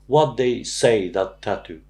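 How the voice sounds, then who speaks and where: A podcast host, asking questions in halting, simple English. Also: male voice, fairly low pitch, animated, dark tone. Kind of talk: casual interview questions. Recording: roomy echo.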